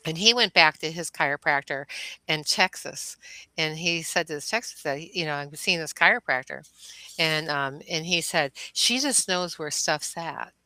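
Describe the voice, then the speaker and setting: A middle-aged woman from the Detroit suburbs tells stories in casual conversation, her voice on the low side yet bright and forward. She acts out the other people's lines with lively swings and laughs often. The sound is close and dry. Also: moderate pace, dry recording, rough recording. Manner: animated, acts out quoted dialogue, laughs often. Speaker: guest, chiropractor and intuitive healer. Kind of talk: casual podcast storytelling.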